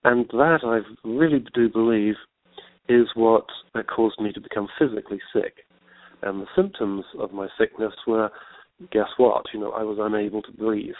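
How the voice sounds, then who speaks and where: Man, English accent, low voice, dry tinny phone line, reflective storyteller. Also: steady tone, normal speed, no room sound. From England. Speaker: guest author. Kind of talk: radio interview by phone.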